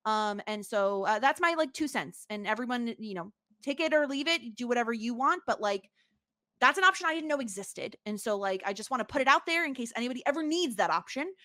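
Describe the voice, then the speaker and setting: A woman co-hosting a podcast, talking in a casual, halting way with lots of fillers. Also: fairly high pitch, lively intonation, bright, forceful tone, no echo, clean studio sound. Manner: halting, filler-heavy, earnest. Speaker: podcast co-host. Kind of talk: casual chat.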